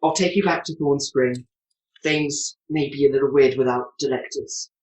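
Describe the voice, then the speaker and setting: A man's voice: mid-range voice, steady tone, normal speed, a little mellow, echoey room, distant mic, lightly acted, rough recording. Man doing Bing, a stubborn wounded villager. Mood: insistent. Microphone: video call.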